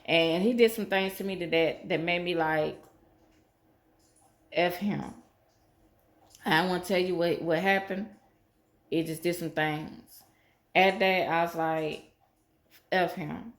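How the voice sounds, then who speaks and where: A woman's voice: fairly low pitch, steady tone, slow, long pauses. A woman telling a personal story in a rambling, repetitive, emphatic way. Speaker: vlogger.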